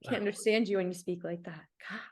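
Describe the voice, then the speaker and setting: A woman's voice: fairly low pitch, quick pace. A young adult woman chatting casually as a podcast guest, talking openly with a lot of "like" fillers. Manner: chatty, frequent "like" fillers, animated. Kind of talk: casual chat.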